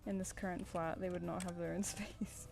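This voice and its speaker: A woman's voice: lowish voice, level tone, normal speed, gravelly, darkish tone, soft background music. A woman with a Southern English accent chatting casually while she draws on a stream, rambling and restarting her sentences. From England. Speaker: streamer and artist. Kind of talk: casual chat while drawing. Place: home flat with a cat.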